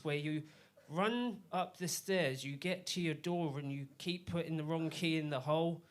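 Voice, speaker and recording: A man doing a live stand-up set on a comedy club stage, deadpan and self-deprecating. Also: fairly high pitch.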